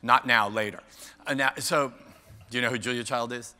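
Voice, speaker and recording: A man's voice: medium pitch, fairly even intonation, normal speed, bright, forceful tone. An older man giving a keynote talk, playful and self-mocking, bantering with the audience by name. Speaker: keynote speaker. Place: large conference hall. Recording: long hall reverb.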